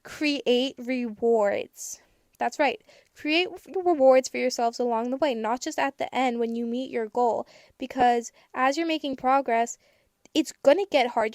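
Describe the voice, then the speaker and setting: A teenage girl hosting a podcast, giving candid, chatty advice with casual swearing and bursts of excitement. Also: a little high, no room sound, clean studio sound. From United States. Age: teens. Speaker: podcast host.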